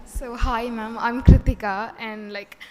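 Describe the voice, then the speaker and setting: A woman's voice: a little high, steady tone, unhurried, very noisy. A young woman student giving spoken feedback, hesitant and full of fillers. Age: young adult. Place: college hall. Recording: hall reverb.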